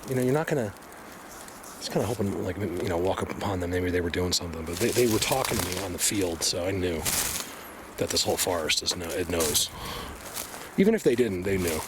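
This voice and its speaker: Excitable rambling man in a forest. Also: sits low, fairly quick. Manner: rambling and excitable, drops to hushed tones. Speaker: bigfoot researcher vlogger. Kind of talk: casual walking vlog. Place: outdoors in a forest. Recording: outdoor ambient noise.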